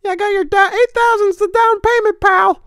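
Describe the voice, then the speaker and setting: A squeaky crude cartoon mouse. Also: male voice, fairly even intonation, brisk, fairly bright tone. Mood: taunting. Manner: taunting, vulgar, cackling.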